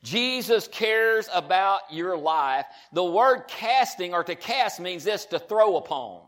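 A man preaching a sermon, repeating his points with emphasis and reading scripture slowly and deliberately. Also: sits high, expressive, a bit bright. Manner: emphatic, repetitive, reads scripture slowly with stress.

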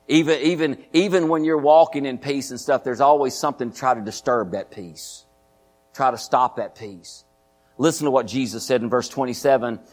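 A man preaching a sermon as pastor, folksy and repetitive, often asking his congregation questions. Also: medium pitch. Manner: folksy, repeats phrases, asks the congregation questions.

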